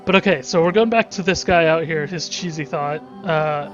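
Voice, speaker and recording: A man's voice: on the high side, moderate pace, hardly any pauses, dull audio, over music. A man giving casual let's-play commentary, rambling and thinking aloud with many restarts.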